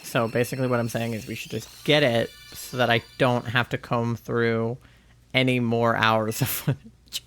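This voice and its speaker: Gravelly young man chatting on stream. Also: mid-range voice, level tone, moderate pace, fairly bright tone, faint music behind. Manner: chatty, rambling, many fillers. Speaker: livestreamer. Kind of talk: casual chat while gaming. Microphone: headset.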